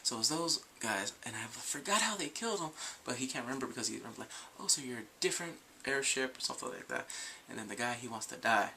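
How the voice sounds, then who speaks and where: A young man talks through a TV episode in a loose, rambling review. His voice has a gravelly edge and a bright, forward tone. He keeps acting out scenes in quoted voices, and faint room noise sits behind him. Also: mid-range voice, lively intonation, fast talker, few pauses. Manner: rambling, goes off on tangents, often laughs. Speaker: video reviewer.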